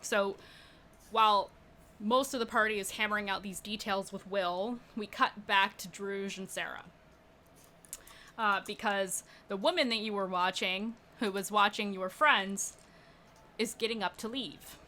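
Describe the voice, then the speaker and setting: A woman's voice: mid-range voice, fairly even intonation, measured pace, pushed and bright. A woman narrating as game master, slipping into townsfolk voices now and then.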